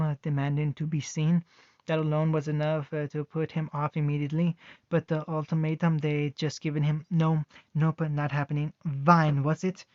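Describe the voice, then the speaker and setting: A man reading fan fiction aloud, halting with fillers and restarts, on a dull, dry recording. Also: fairly high pitch, warm tone, dry recording.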